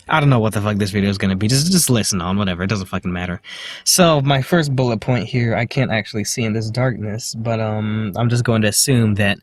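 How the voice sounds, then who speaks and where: Young male vlogger, middle pitch, halting and rambling, swears casually. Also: dry recording. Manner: hesitant, full of fillers and restarts, swears offhandedly. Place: dark room.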